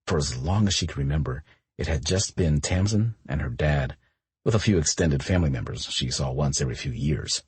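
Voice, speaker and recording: A male audiobook narrator with a low, very breathy and husky voice. His reading is expressive, with wide, lively swings in pitch. The recording is close and dry. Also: brisk, dry recording.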